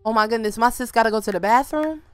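A young woman giving casual gameplay commentary, excitable, with loud outbursts and slang aimed at her viewers. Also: on the high side, fast, clean tone, no echo. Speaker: gaming video creator.

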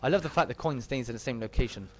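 A man's voice: medium pitch, rapid-fire, a little mellow, slight background noise. A man with a Bristolian accent giving chatty live-stream commentary while he plays and answers his chat. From Bristol, England. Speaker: game streamer.

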